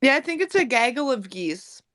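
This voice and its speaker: This woman has a fairly high voice. She muses aloud in a casual online group chat, often hesitating and trailing off as she hunts for words. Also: sing-song, moderate pace, fairly bright tone.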